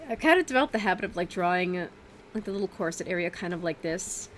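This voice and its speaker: A woman's voice: on the low side, animated, quick pace, a little hiss or hum. A woman streaming in a casual, rambling way, full of fillers and self-corrections, laughing often. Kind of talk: casual livestream chat.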